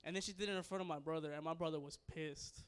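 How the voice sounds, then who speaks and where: A man's voice: a little high, steady tone, quick pace, clear, resonant tone. A young man doing a stand-up comedy set, loose and crude, rambling and laughing at his own jokes. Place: comedy club stage.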